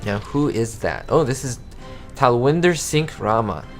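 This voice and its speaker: A man giving excitable, easily amazed commentary as he plays a video game. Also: medium pitch, unhurried, soft background music. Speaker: gamer.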